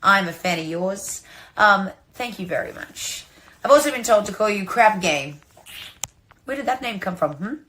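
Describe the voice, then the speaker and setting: A woman's voice: mid-range voice, animated, normal speed, fairly bright tone, slight background noise. A young adult woman with an Australian accent, sending a playful and sincere recorded message with many fillers and restarts.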